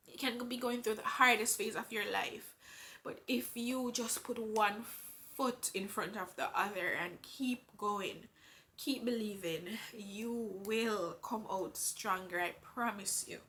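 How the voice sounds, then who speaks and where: A pregnant vlogger with a Jamaican accent speaks in a slightly high, sharp-toned voice, taking her time as she talks earnestly and faithfully in a heartfelt personal video.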